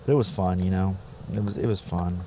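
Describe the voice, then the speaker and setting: A man's voice: deep voice, steady tone, brisk, dark tone, slight background noise. A young man on a podcast, telling a rambling, profane army story in a laid-back, casual way. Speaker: podcast host, infantry soldier.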